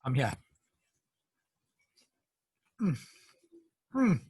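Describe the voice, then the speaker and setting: Speaking very slowly in a sing-song, mid-range voice that's a little mellow and husky, this South African home cook presents a live cooking demo over a video call with no room sound. He's chatty, walks through each step, and eats while talking.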